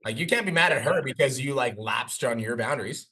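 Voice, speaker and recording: Fast-talking blunt man coaching, swearing freely. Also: mid-range voice, slightly rough. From Canada. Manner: blunt, swears constantly, animated storytelling. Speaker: business coach and podcast host. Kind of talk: casual podcast coaching chat.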